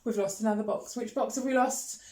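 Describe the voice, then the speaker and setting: A woman's voice: on the high side, fairly even intonation, brisk, mellow. Encouraging woman chanting rhythm syllables. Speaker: music teacher. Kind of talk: children's music lesson. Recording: echoey room with faint noise.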